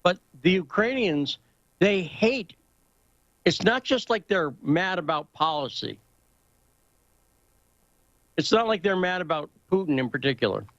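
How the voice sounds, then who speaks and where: A man's voice: high voice, fairly bright tone, no echo, lo-fi sound. A man hosting a casual talk show, telling stories in a rambling way and often asking whether his point makes sense. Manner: rambling, anecdotal, asks for agreement. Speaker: host.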